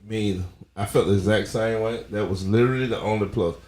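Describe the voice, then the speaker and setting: A man co-hosting a casual talk show, telling animated stories and doing the voices of the people in them. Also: lowish voice, fast talker, reverberant. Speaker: co-host. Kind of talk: casual chat.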